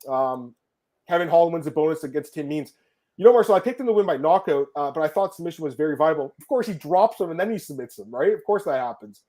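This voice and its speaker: A man hosting a casual sports podcast, talking fast and excitedly, swearing and laughing often. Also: on the high side. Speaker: podcast host.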